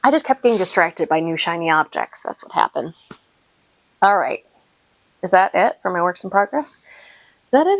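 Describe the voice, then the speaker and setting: A woman's voice: on the low side, sing-song, normal speed, vocal fry, pauses often, dry recording. A woman in her thirties hosting a knitting podcast, talking in a rambling, chatty way with frequent laughs and restarted sentences, close to her microphone. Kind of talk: casual chat to camera.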